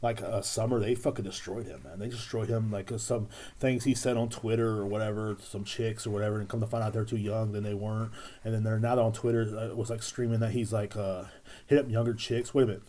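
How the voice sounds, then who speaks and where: A man's voice: on the low side, fairly even intonation, fairly quick, dark tone. A young man hosting a podcast, rambling through a crude comedic monologue full of fillers, repeats and slang. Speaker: podcast host.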